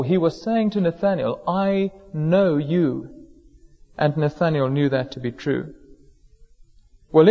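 A man preaching a sermon in a church, measured and slowing down to stress key words. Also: a little high, creaky, warm tone. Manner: measured, slows down for emphasis on quoted words. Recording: dull lo-fi sound in a hall with long reverb.

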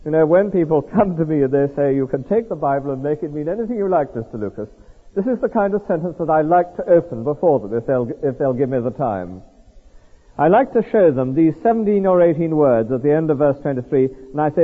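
A man preaching an expository sermon to a congregation, animated and full of rhetorical questions to the listeners. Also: a little high, a little fast, husky. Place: large hall before a congregation. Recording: echoey hall on a tinny lo-fi line.

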